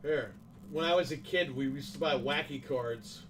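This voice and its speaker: A man's voice: mid-range voice, moderate pace, fairly bright tone, distant mic, a little hiss or hum, poor audio. Profane ranting New man. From New York, USA. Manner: profane, ranting, emphatic complaints. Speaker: livestream host. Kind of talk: casual livestream chat.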